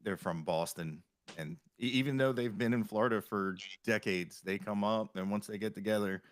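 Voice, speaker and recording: A man hosting a podcast, chatting casually with halting restarts and frequent laughs. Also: fairly low pitch. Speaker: podcast host.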